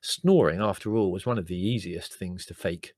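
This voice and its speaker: A man's voice: sits low, normal speed, a little mellow, dry recording. A man reading a comic memoir aloud in a wry, dry and understated storytelling manner. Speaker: narrator.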